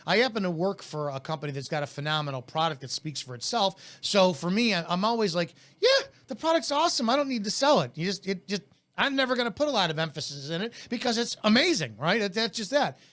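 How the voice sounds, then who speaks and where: A man's voice: high-pitched, expressive, fast talker, fairly bright tone. A man coaching network marketing in a blunt, intense, in-your-face way, in casual talk.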